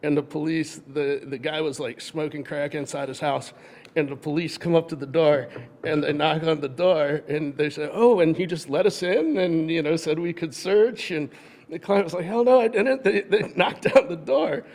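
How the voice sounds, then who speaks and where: A man's voice: fairly high pitch, moderate pace, a little mellow, long reverb tail. A man, a defense attorney, chiming in casually with details of shared courtroom stories. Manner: chiming in with details, laughing along. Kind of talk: casual chat.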